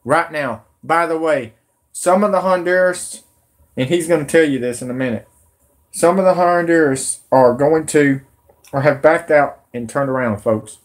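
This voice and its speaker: A man's voice: fairly high pitch, normal speed. A man talking on a live stream, urgent and rambling as he addresses his viewers. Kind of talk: excited live stream talk.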